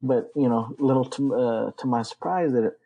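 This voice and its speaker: Texas guy, husky voice, rambles and cusses a lot telling old navy stories. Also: medium pitch, moderate pace, dark tone, poor audio. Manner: rambling, profane, lots of fillers. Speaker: interview guest, Navy veteran. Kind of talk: casual storytelling.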